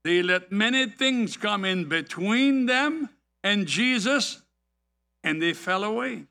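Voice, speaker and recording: A man preaching a sermon, deliberate and full of rhetorical questions and anecdotes. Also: high-pitched, expressive, sharp tone.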